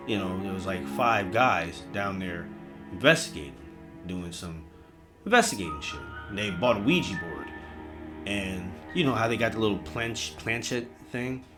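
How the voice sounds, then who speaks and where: Animated, profane male storyteller. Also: mid-range voice. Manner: profane, rambling, animated, talks to listeners directly. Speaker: podcast host. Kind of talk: comedic horror storytelling.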